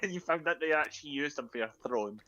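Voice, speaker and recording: A man's voice: on the high side, animated, fast talker, bright, forceful tone, dry recording. Rambling male gamer on dull voice chat. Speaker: fellow player on voice chat. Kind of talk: casual chat over a game.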